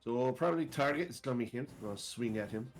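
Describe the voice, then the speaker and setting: A man's voice: mid-range voice, fast talker, a little hiss or hum. A man playing in an online tabletop game, talking casually and joking at his own expense. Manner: casual, joking, self-deprecating. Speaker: player.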